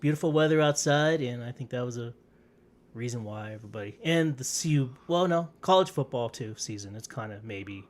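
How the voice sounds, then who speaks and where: Rambling man, mid-pitched voice. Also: expressive, brisk. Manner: rambling, hedging with restarts. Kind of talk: casual podcast chat.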